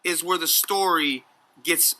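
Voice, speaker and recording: A man's voice: on the high side, unhurried, bright, forceful tone. A man in his forties from the United States telling a combative story in a profane, mocking rant. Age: 40s. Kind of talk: ranting storytelling.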